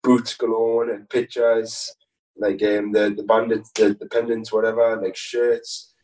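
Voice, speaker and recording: Mellow-voiced footballer telling stories. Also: male voice, lowish voice, flat delivery, unhurried, far from the mic, poor audio. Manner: rambling, laughing, lots of restarts and fillers. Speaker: footballer guest. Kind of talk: casual interview chat.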